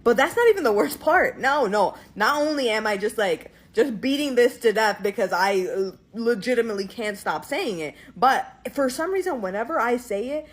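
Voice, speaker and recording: A woman's voice: fairly high pitch, animated, normal speed, few pauses. Dramatic, exaggerating woman creator. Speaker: social media creator. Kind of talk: casual chat to camera.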